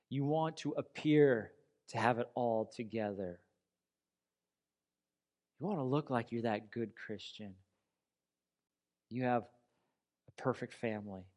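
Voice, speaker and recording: A man's voice: medium pitch, darkish tone. A man preaching a sermon in an earnest, conversational way, telling a personal story. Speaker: pastor.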